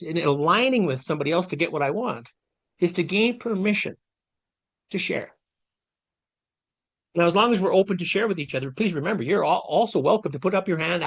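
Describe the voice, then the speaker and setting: This man in his late fifties delivers a motivational masterclass by video call, talking earnestly and conversationally straight to his listeners. His fairly high voice is a bit bright, with vocal fry and a breathy edge.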